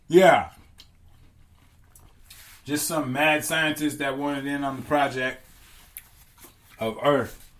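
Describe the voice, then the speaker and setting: Slow, rambling man on a podcast. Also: medium pitch, slight background noise. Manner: meandering, self-correcting, profane. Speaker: podcast host. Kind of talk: rambling comedic podcast chat.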